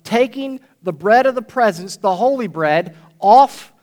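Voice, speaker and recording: A man's voice: high voice, expressive, measured pace, a little mellow. A male pastor preaching a sermon to his congregation in a conversational way, often checking in with "right?". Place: church before a congregation.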